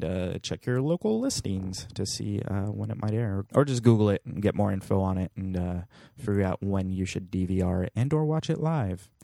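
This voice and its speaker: A man's voice: on the low side, warm tone, no echo, clean studio sound. A man in his thirties hosting a podcast, talking casually with jokey, self-deprecating asides. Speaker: podcast host.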